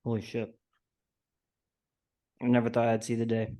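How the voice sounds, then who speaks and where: Laid-back young male co-host, casual slangy delivery, average pitch. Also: monotone, normal speed, warm tone. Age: young adult. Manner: laid-back, drawls "bro" and "dude". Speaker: podcast co-host. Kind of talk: casual sports chat.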